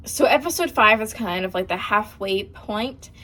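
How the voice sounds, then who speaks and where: A woman's voice: medium pitch, animated, normal speed, sharp tone. Chatty young woman answering viewer questions. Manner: chatty, hesitant, laughs often. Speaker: channel host. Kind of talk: casual Q&A vlog.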